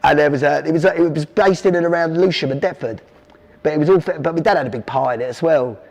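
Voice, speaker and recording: Fast-talking South London man. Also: on the high side, crowd noise. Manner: rambling anecdotes, quoting his father. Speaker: podcast guest. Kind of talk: storytelling interview.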